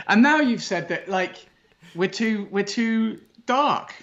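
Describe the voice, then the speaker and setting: A man's voice: high voice, expressive, slow pace, fairly bright tone, dull audio. A man hosting a casual chat, jovial and teasing, laughing often. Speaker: host.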